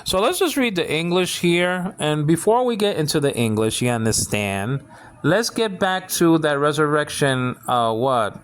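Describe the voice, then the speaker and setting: Male teacher leading a relaxed Bible Greek lesson; stop-start delivery with many restarts. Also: a little high, clean tone. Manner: halting, full of restarts and repeated words; keeps asking "you understand what I'm saying?".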